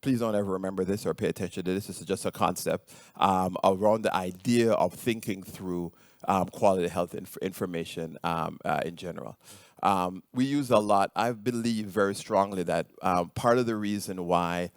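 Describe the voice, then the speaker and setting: A middle-aged man with a Jamaican accent speaks in a very low voice, giving a conference presentation. He stumbles through plenty of ums and restarts as he goes. The sound is close and dry, with no room around it. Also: moderate pace, dry recording. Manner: hesitant, many ums and restarts.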